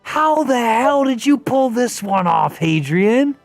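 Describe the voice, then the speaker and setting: A man voicing an excitable, brash young man of about twenty who gushes loudly and swears. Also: extremely high pitch, takes it slowly, vocal fry, no echo, soft background music, voice pushed up, exaggerated voice. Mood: gushing. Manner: loud, gushing, swearing.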